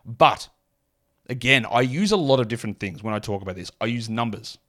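A man from Australia with a mild Australian accent, hosting a solo fantasy basketball podcast and rattling off statistics with quick asides. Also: mid-range voice, expressive, a bit bright. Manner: rapid stat-heavy delivery with asides.

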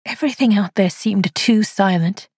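A woman narrating as an aging, haunted spinster, telling her story in a quiet, hushed first-person voice. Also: mid-range voice, moderate pace, husky, no room sound, studio quality. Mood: uneasy.

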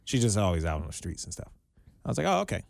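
A man's voice: low-pitched, animated, quick pace, vocal fry, a little mellow, no echo, clean studio sound. A man co-hosting a podcast, telling a story in casual chat and laughing often. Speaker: podcast co-host.

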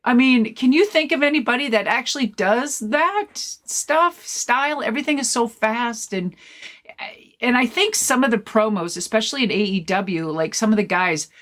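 A woman guest-hosting a podcast, telling stories in a rambling, animated way with lots of fillers and swearing. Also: a little high, normal speed. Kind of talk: casual storytelling chat.

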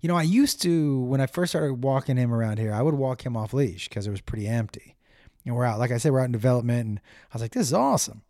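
A man hosting his own show, telling a rambling, animated story with plenty of swearing and acted-out voices. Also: mid-range voice, no room sound, clean studio sound. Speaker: comedian podcast host. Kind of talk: casual rambling monologue.

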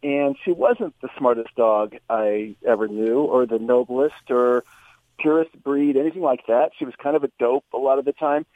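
A male psychotherapist, a guest on a show, tells a personal story with animated shifts in his voice. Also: mid-range voice, normal speed, dry recording. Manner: animated storyteller, voice rises for quoted lines. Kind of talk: anecdotal storytelling. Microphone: phone. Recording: tinny phone line.

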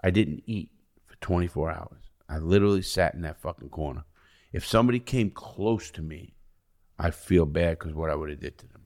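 At a moderate pace, a middle-aged man from the U.S., a former convict guesting on a podcast, candidly relates blunt stories laced with constant profanity. His voice shifts from loud outbursts to quiet, low asides.

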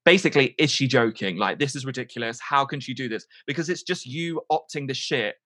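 A man's voice: medium pitch, brisk, fairly bright tone, no room sound, studio quality. A man hosting an interview podcast, chatty and openly a fan of his guest. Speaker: podcast host. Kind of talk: casual interview.

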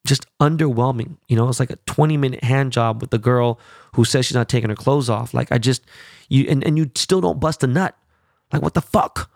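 A man hosting his podcast on his own, talking casually with a lot of swearing and animated, rambling asides. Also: mid-range voice, fairly quick, vocal fry, dry recording, clean studio sound. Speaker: podcast host. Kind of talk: casual solo podcast chat.

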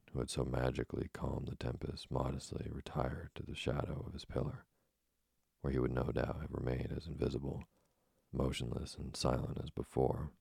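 Deep gravelly man reading a bedtime story. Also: no room sound, clean studio sound. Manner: calm, even reading. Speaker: sleep story narrator.

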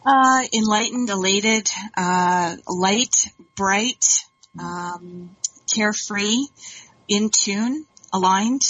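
A woman's voice: mid-range voice, drawn-out words, a bit bright. A woman hosting a conversational interview who also writes books. She affirms what her guest says, emphatically and agreeably. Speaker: interview host and author. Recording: dull lo-fi audio with faint noise.

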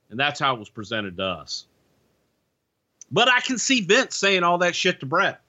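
A man's voice: mid-range voice, big pitch swings, normal speed, pushed and bright. A man on a podcast recalling backstage wrestling politics in a rambling, casual way, full of "you know" and restarts. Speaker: former wrestling insider guest. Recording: dull lo-fi sound.

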